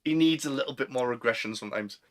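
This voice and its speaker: A man's voice: medium pitch, fast, a bit bright. Chatty young Northern English man. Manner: chatty, laughs often, fillers. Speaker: podcast co-host. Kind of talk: casual chat.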